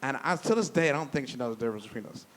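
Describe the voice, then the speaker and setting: A man's voice: mid-range voice, animated, racing, noisy background. A young man doing stand-up comedy at a live brewery show, telling loose, profane, self-deprecating stories with lots of restarts. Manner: loose, rambling delivery with restarts.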